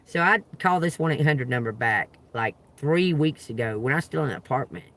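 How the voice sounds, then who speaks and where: A man hosting a live stream, telling a story to viewers in a profane, animated way and acting out the voices. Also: mid-range voice, brisk. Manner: animated, profane, laughs often, acts out voices.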